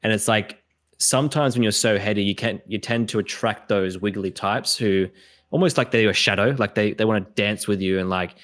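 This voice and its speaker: Animated Australian man telling stories. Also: on the low side, fairly quick. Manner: animated storytelling, acts out quoted voices. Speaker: podcast host. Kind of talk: casual conversation.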